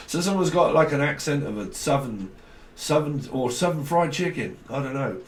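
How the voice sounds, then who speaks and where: A man's voice: a little high, expressive, normal speed, roomy sound. A man giving a casual, rambling tarot reading, swearing now and then and talking loosely. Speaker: tarot reader.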